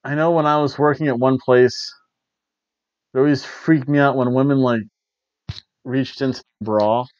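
A man's voice: medium pitch, steady tone, moderate pace, long pauses, darkish tone, no echo, dull audio. A man hosting a wrestling review show, rambling casually with wry asides on a cheap worn lapel mic. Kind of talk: casual chat.

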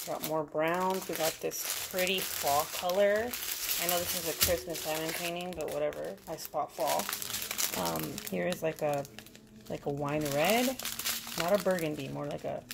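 A woman with a lowish, gravelly voice talks through an unboxing in a loose, chatty way, full of fillers. Loud crinkling and rustling of packaging sits right under her voice. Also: background noise. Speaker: crafting vlogger. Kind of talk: casual unboxing chat.

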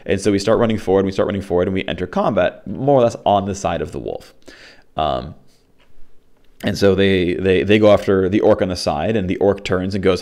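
Young guy with a low voice telling a dnd story, rambly, lots of likes, acts out the quotes. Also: fairly quick. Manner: rambling, many "like"s and restarts, bursts into animated quoted dialogue. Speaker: tabletop game player recapping a campaign. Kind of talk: casual storytelling recap.

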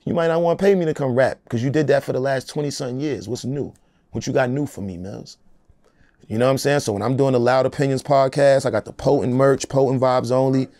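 A man's voice: mid-range voice, steady tone, fast talker, few pauses, darkish tone, no room sound. A middle-aged American man, a rapper in an interview, talking in a loose, emphatic, streetwise way. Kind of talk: casual interview talk.

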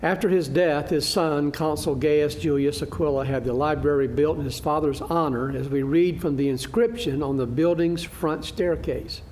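A man leads a church Bible class through a slide show, his voice pitched a little high for a man. He talks in a halting, good-humored way, full of fillers and restarts. A faint background noise sits under the recording. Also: a little mellow. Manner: good-humored, laughs at his own slip.

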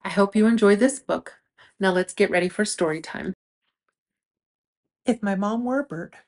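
A woman host reading picture books aloud to young children, gentle and clear, asking them little questions. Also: mid-range voice, moderate pace. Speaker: children's storybook reader and channel host.

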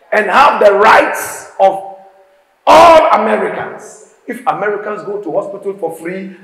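A man with a Ghanaian accent giving an emphatic, repetitive speech to school students, often breaking into shouts. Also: high voice. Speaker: motivational speaker addressing students. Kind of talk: preaching-style speech to a school crowd. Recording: echoey hall with faint background noise.

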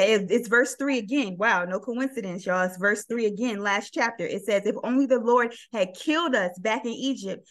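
A woman leading a casual Bible study, reading verses aloud and calling on the group to help. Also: a little high. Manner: animated, reading scripture aloud and asking the group.

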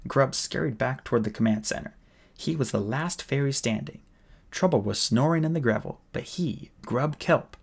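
A man reading a novel aloud as an audiobook, with steady, plain storytelling. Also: mid-range voice, creaky, husky. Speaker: audiobook reader.

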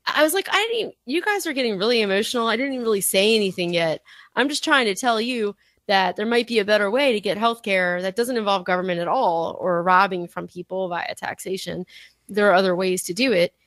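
A woman chatting on a podcast in a lively, animated way, laughing often and acting out what others said. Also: medium pitch, brisk, no echo. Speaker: podcast guest. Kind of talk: casual podcast chat.

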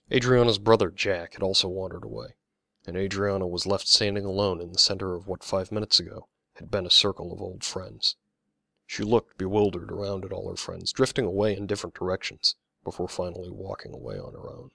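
A man reading his own novel aloud as an audiobook, in an even, measured storytelling voice. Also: deep voice, vocal fry, dry recording. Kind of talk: audiobook narration.

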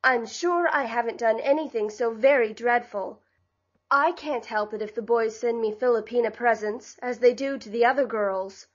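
A spoiled teenage girl from a storybook snaps back pertly in a high, sharp voice, put on by a woman narrator. She has a quick temper and a sulky edge. The audio is a bit muffled. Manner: pert, snappish. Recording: slightly dull lo-fi audio.

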